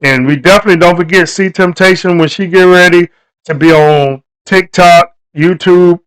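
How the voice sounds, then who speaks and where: A man's voice: high-pitched, fairly even intonation, normal speed, fairly bright tone, clear, resonant tone, poor audio. A man hosting a casual live stream, talking to his viewers in a loose, repetitive, preachy way.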